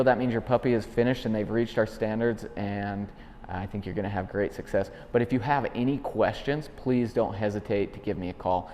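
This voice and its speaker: A man who trains dogs, giving steady, matter-of-fact advice in an instructional video. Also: fairly low pitch. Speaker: dog trainer. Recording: long reverb in a room.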